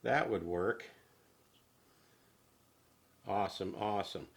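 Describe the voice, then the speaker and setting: A man's voice: low voice, slow pace, creaky. A man hosting a home cooking show, chatting in a homespun, folksy way and chuckling as he goes.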